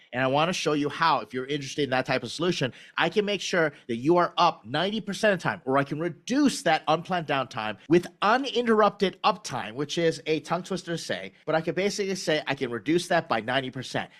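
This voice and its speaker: A man giving a blunt, direct critique of startup pitch decks over a video call recording, with lively emphasis. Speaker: pitch deck reviewer.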